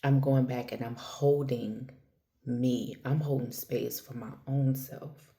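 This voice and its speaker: A woman's voice: very deep voice, steady tone, takes it slowly. A woman talking casually and from the heart to her viewers, slangy and personal, calling the listener girl and baby. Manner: slangy, conversational, trails off and restarts; grows softer and more intimate toward the end. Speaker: spiritual vlogger. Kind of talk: casual heartfelt monologue to camera.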